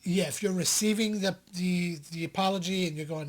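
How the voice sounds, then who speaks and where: Speaking fairly quickly in a high voice, this podcast co-host chats casually and spins lively stories, voicing the quotes of the people in them loudly.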